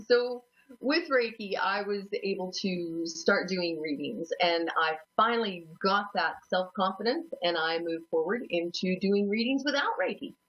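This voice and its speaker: A woman's voice: mid-range voice, animated, a little slow. A woman hosting a psychic talk show, telling her own story in a rambling, self-deprecating way and laughing often. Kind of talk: personal storytelling. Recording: dull lo-fi sound.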